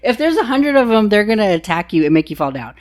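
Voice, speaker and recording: A woman's voice: medium pitch, sing-song, quick pace, no echo, clean studio sound. A young woman co-hosting a podcast, chatting casually and teasing with lots of laughter. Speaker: podcast co-host. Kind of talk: casual chat.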